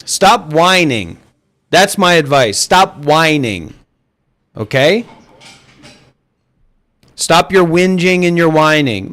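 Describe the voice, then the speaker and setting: A man's voice: on the high side, expressive, takes it slowly, pauses often, a bit bright. A man hosting an online voice chat and livestream, scolding listeners with profanity and repetition. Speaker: voice chat host and streamer. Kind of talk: livestream rant.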